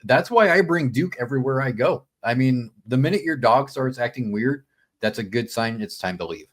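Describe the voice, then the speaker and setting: Animated storytelling man, podcast guest. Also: medium pitch, normal speed. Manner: animated, acts out quotes, says man and dude a lot. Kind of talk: casual storytelling chat.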